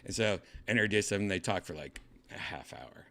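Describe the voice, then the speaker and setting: A man telling a casual story as host of his own show, rambling, correcting himself, and jumping up into high voices to mimic people. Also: animated, fairly quick, a bit bright. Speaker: podcast host.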